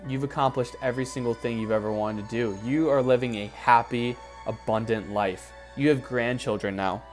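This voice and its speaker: A man leading a guided visualization as a motivational speaker, emphatic and repetitive, rising to excited peaks. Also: mid-range voice, normal speed. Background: faint background music.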